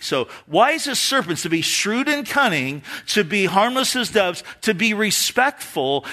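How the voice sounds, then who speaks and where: A male pastor delivers a sermon that rises and falls a great deal. His voice sits high and sounds bright and forceful. He talks conversationally and keeps turning to the congregation with asides. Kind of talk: expository sermon.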